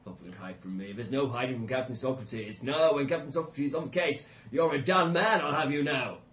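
A man's voice: medium pitch, brisk, fairly bright tone, a little hiss or hum, voice pushed down, close to an everyday voice. A man voicing a blustering, pompous old male sky captain in a tabletop game. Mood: gruff, blustering. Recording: echoey room.

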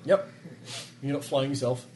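A man's voice: mid-range voice, normal speed, a little mellow, a little hiss or hum. A man running a tabletop game as game master, casual and joking.

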